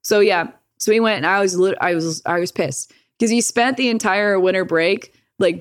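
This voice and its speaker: A woman chatting casually, telling a story, swearing freely, laughing often and acting out the lines she quotes. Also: on the low side. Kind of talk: casual chat.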